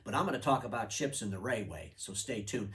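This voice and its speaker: A man talks quickly at a middling pitch, hosting his own fireside chat show. He tells stories with lively acted-out voices for the people in them, and he sits a little back from the microphone. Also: distant mic. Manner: animated storytelling, acting out characters in quick voices. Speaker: show host. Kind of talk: fireside video commentary. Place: indoors by a fireplace.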